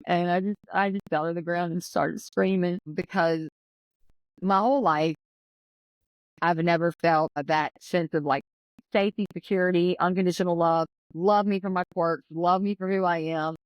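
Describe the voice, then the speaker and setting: A woman's voice: on the low side, steady tone, normal speed, no room sound, dull audio. A woman, telling a painful personal story as a podcast guest and acting out what others said. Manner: emotional, tells her story with quoted voices.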